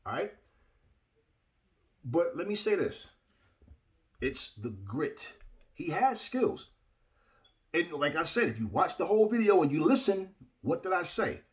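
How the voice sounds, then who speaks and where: A man's voice: fairly high pitch, very animated, a little slow, long pauses. A man giving casual boxing opinions to his viewers, blunt and emphatic, often repeating himself and speaking to the audience directly. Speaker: boxing commentator.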